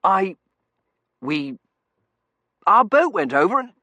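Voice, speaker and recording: A man's voice: sits high, sing-song, a little slow, a bit bright, dry recording, voice pushed up, full character voice. A man voicing a polite, flustered young male undergraduate who stammers.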